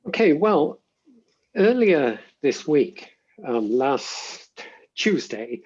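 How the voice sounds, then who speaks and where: Guy professor explaining his field, husky voice, a bit muffled audio, keeps pausing to rephrase. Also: on the high side, very animated, darkish tone. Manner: measured, reflective, often pausing to rephrase. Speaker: interviewed linguistics professor. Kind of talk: thoughtful interview answers.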